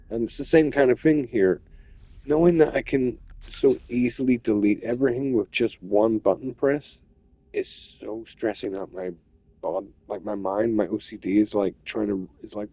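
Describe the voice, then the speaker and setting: A man's voice: on the low side, steady tone, moderate pace, dark tone, no echo. A man ranting and swearing as he comments on his own gameplay, repeating himself in frustration. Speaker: gamer.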